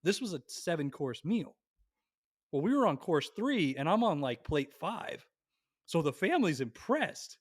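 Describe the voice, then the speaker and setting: A young man on a podcast, telling a long family story in a lively, animated way and swearing freely. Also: fairly high pitch, a little slow, dry recording, clean studio sound. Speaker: podcast co-host. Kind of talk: casual storytelling chat.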